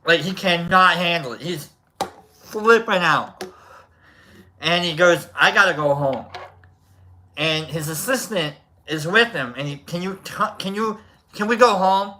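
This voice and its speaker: A man's voice: high-pitched, unhurried, long pauses, bright, forceful tone, a little hiss or hum. A man hosting a livestream who tells a rambling, casual story, swearing freely and restarting his sentences often. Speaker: livestream host.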